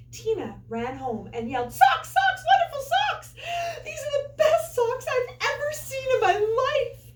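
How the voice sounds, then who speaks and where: A woman teacher reading a picture book aloud to children, an animated storyteller with playful asides. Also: fairly high pitch, a little hiss or hum. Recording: echoey room, far from mic.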